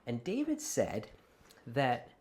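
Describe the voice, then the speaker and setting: Man, Canadian accent, late thirties, lively playful vlog host, medium pitch. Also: slow pace. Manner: animated, playful storyteller. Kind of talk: casual talk to camera.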